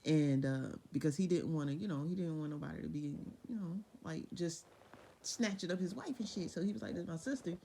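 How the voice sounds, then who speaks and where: A woman's voice: low voice, fairly quick, creaky, mellow, a little hiss or hum. A young woman casually retelling Bible stories with lots of profanity, laughter and voiced quotes.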